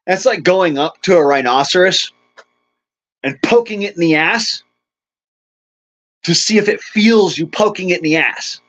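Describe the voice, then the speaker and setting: A man's voice: high voice, measured pace, pauses often, a bit bright, poor audio. A man hosting a livestream, ranting casually to his chat in a crude, rambling way and chuckling often. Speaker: livestream host.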